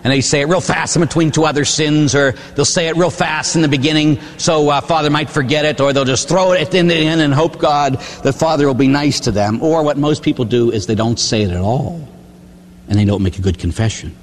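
An older man, a priest, preaching about confession in an animated storytelling way, acting out voices and tagging his points with "huh?". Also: on the high side, fairly quick. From Pittsburgh, USA. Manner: animated storytelling, acts out quoted voices, tag questions "huh?". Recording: echoey hall with long reverb.

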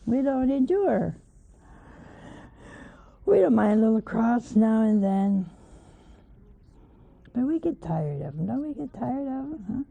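A woman preaches in a folksy, gently questioning way, often tossing questions to her listeners. Her voice is gravelly and she talks unhurriedly. It sounds thin and tinny, like an old phone-line recording. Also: fairly high pitch, lively intonation, a little slow, long pauses. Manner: folksy, questioning, chuckling asides. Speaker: religious teacher. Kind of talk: informal sermon.

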